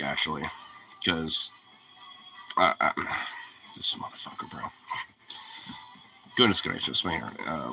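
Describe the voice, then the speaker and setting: Deep-voiced, sharp-toned, sniffly male streamer. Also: slight background noise. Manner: rambling and profane, heavy on fillers. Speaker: livestreamer. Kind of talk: casual stream chat.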